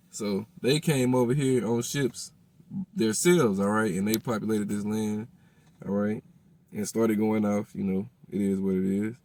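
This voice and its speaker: A man's voice: fairly low pitch, darkish tone. A man reading scripture aloud and explaining it, checking in with his listeners with "all right?" after nearly every phrase. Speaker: teacher of a religious group.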